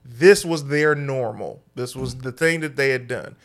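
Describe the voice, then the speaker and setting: A man co-hosting a casual podcast, giving measured, emphatic opinions. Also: medium pitch. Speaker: podcast co-host. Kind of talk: casual chat.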